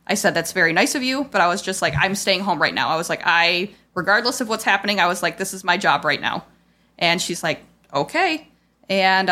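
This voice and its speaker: Her voice is lowish and sharp as she, a podcast host, recounts a hurtful family story. The telling is loose and wandering, full of "like" and "I was like" quotes, with raw frustration running through it.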